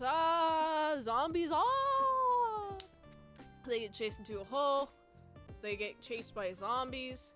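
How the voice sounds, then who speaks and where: A woman's voice: high-pitched, a bit bright. A woman giving a casual, playful, rambling movie review.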